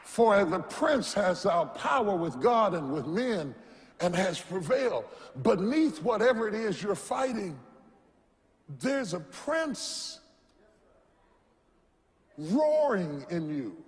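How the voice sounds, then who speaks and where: A man preaching a sermon, slow and deliberate, who builds up to shouting and has the congregation repeat after him. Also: sits high, very animated. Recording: long reverb in a large hall.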